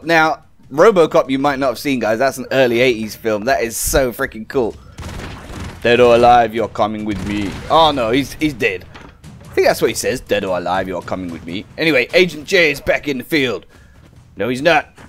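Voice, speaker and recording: Male gaming host, fairly high and very lively voice, excitable and self-mocking, faint music behind. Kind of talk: casual game commentary.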